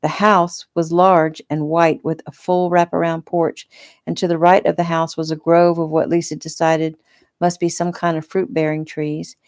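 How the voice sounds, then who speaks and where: Woman, low voice, relaxed casual audiobook reading, unpolished. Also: moderate pace. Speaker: author reading her own novel.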